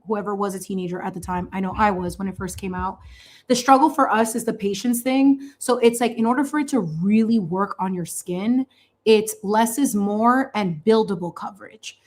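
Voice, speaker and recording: A woman in her thirties hosting a craft channel, chatting casually in a sassy, animated way with slangy asides and frequent laughs. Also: medium pitch, moderate pace.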